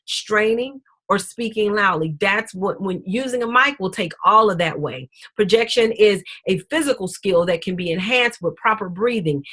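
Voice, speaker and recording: A woman teaching a webinar class on public speaking, emphatic and lively, playing her pitch and pauses to drive home each point. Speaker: speaking coach.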